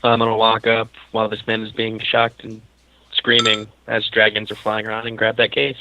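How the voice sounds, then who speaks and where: A man's voice: on the low side, completely flat delivery, moderate pace, noisy background. Joking male gamer on lo-fi audio. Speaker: player. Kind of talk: casual tabletop game chat.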